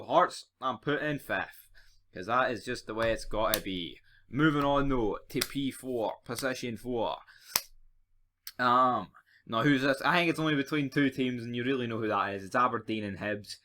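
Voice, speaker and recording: A man's voice: mid-range voice, sharp tone. A man with a Scottish accent giving a casual, sweary, rambling monologue of football predictions for his vlog. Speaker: football fan vlogger.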